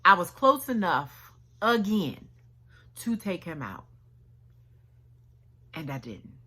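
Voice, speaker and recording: Woman preacher, sermon, acted story voices, bright tone, slow unhurried pace, animated pitch. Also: husky. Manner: storytelling with acted dialogue and casual slang.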